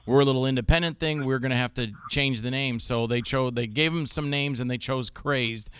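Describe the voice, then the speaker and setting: A man hosting a casual talk show, telling animated stories and acting out what others said. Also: mid-range voice, fairly quick, clean tone. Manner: animated storyteller, acts out quotes of others. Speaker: show host. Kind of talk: casual chat with jokey impressions.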